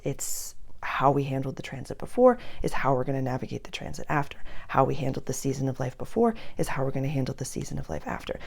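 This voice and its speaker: A woman's voice: rumbling low, gravelly, a little mellow. A woman giving an earnest spiritual astrology talk to her listeners. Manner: earnest, drops to a whisper for emphasis.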